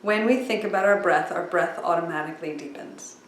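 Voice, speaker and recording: A middle-aged woman talking casually about breathing and slowing down, with lots of fillers and asides. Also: fairly low pitch. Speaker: speaker sharing breathing tips. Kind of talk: casual storytelling talk. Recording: echoey room, mic at a distance.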